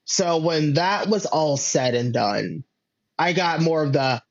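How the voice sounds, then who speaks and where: A man hosting a casual podcast chat, telling the story with animated energy and acting out other people's lines. His voice sits a touch high, and the recording is dry and a little dull. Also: slow, no room sound. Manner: animated, acts out wrestlers' lines in quotes. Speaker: podcast host.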